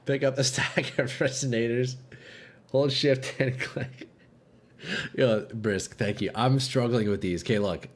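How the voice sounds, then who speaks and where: A man's voice: mid-range voice, fairly even intonation, measured pace. A young man streaming a game live, chatting to his viewers, swearing and laughing often. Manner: swears a lot, laughs and rambles to chat. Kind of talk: live gameplay chat with viewers.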